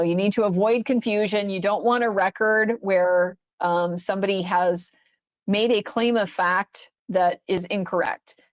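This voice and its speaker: A woman's voice: medium pitch, dry recording, rough recording. A woman lawyer giving casual, profane, exasperated commentary on a court case, rambling at times.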